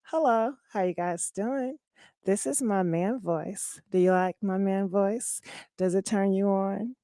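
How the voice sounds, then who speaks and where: A woman's voice: medium pitch, slow pace, mellow, dry recording, studio quality. A woman putting on a teasing, exaggerated mock man voice.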